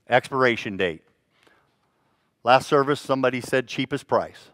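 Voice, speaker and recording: A man preaching a sermon in a church, telling stories with lively swings between hushed and loud delivery. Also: medium pitch, normal speed, dry recording, studio quality. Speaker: pastor. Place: church sanctuary.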